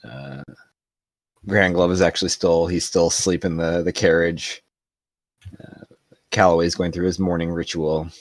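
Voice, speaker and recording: A man's voice: sits low, fairly even intonation, measured pace, long pauses, no room sound. A man running a tabletop game as game master, narrating casually with loose, rambling descriptions and frequent laughs.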